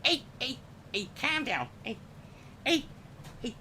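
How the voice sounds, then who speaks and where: A man imitating an agitated young man from a comedy sketch, with a Liverpool accent, shouting and repeating himself. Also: extremely high pitch, big pitch swings, slow, slight background noise, pitched above the performer's own voice, heavily acted. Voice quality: shouty, repetitive.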